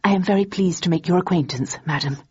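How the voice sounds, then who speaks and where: A woman's voice: lowish voice, quick pace, mellow, slightly rough. Woman voicing a stiff, awkward young officer. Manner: stiff, grand, formal. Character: stiff, awkward young man around thirty. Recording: dull, muffled recording.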